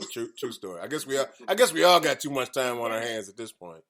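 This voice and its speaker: A man's voice: medium pitch, big pitch swings, a little fast, fairly bright tone. A man hosting a casual radio talk show, boisterous and joking, repeating his phrases as he introduces guests.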